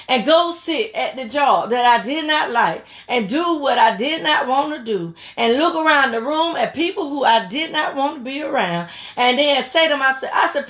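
Fervent woman preaching, higher voice. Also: lively intonation, normal speed, few pauses, a bit bright. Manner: repetitive, exhorting, fervent. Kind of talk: impassioned sermon on a prayer line.

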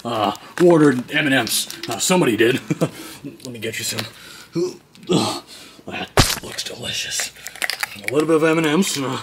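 A man's voice: medium pitch, normal speed, pauses often, noisy background, close to an everyday voice. A man voicing a scheming male monkey who hands out free ice cream, talking in a sly, sing-song way. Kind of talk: fan role-play voice acting. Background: loud music.

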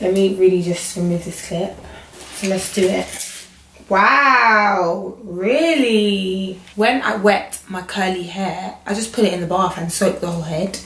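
A young woman with a croaky, hoarse voice, chatting casually and joking to camera while styling a wig at home. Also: medium pitch. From England. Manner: chatty, joking, self-talk asides. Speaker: hair vlogger. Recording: echoey room, faint noise.

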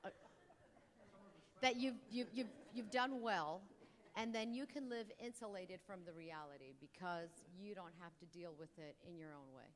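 A woman's voice: lowish voice, normal speed. A woman moderating a panel discussion, putting probing questions to the panelists. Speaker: moderator, TV host. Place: large hall at a public forum. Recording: long hall reverb.

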